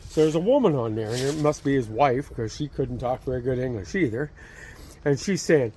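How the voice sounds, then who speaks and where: A man's voice: medium pitch, big pitch swings, brisk, a little mellow, slightly rough. Rambling man telling a story. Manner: rambling, with many "uh"s and restarts. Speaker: channel host telling a story. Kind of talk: casual storytelling. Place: outdoors beside his trailer.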